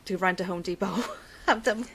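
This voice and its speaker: A woman's voice: mid-range voice, moderate pace, fairly bright tone, poor audio. A woman co-hosting a podcast in casual chat, mostly agreeing with short replies and telling a story of her own now and then. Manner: says little, mostly agrees with short "yeah"s. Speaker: podcast co-host.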